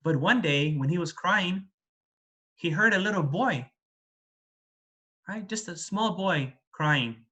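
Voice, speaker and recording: A man's voice: high voice, animated, slow, pauses often, sharp tone. A man, a Buddhist monk, telling a teaching story in a dharma talk, in simple, repetitive words with frequent tag questions.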